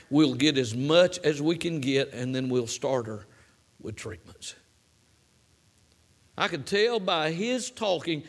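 A man's voice: on the high side, a bit bright. A middle-aged man preaching a sermon, telling a personal story in a folksy way that builds to fervent emphasis.

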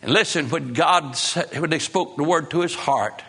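Impassioned preacher man, bright tone. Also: moderate pace, husky. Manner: impassioned preaching, pitch swings from hushed lows to high shouts; folksy grammar. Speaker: pastor. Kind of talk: sermon.

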